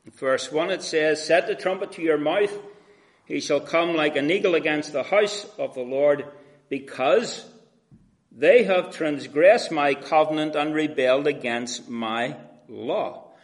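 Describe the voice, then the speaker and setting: A man delivers an expository sermon in a slightly high voice. He speaks very slowly and deliberately. He pauses often, uses fillers, and addresses his listeners as friends. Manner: slow, measured, with frequent pauses and fillers. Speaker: preacher.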